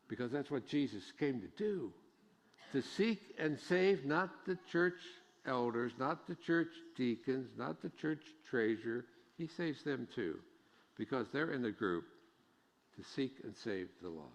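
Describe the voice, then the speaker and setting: A middle-aged man preaching a sermon as pastor, folksy and joking, rising to emphatic preaching. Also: medium pitch. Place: church sanctuary. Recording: long church reverb.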